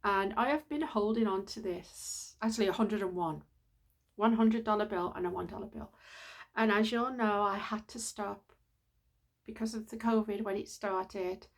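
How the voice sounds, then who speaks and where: A woman's voice: mid-range voice, normal speed. A middle-aged woman vlogging, telling a personal story in an earnest, heartfelt, rambling way.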